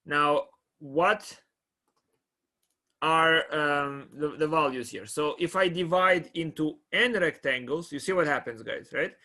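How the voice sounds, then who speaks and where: A man's voice: fairly high pitch, takes it slowly, sharp tone. A middle-aged man from Russia giving a calculus lecture in a conversational way, often checking that students follow. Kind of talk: classroom lecture.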